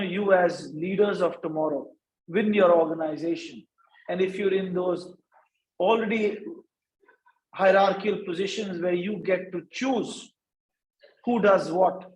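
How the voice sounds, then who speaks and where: Man from India, workshop lecturer, high-pitched voice, echoey room, keeps checking in with "right?". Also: normal speed, darkish tone, slight background noise. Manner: asks "right?" after nearly every point. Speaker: workshop speaker. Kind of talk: lecture to students.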